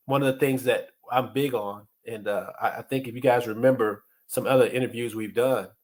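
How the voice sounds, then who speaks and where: A middle-aged man hosting a podcast, giving casual motivational leadership advice in an earnest way, often restarting and repeating words. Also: mid-range voice. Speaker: podcast host and leadership coach.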